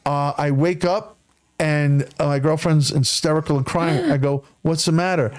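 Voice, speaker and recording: A middle-aged male comedian telling stories in casual studio talk, rambling and halting with many restarts. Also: a little high. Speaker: comedian guest. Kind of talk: casual storytelling.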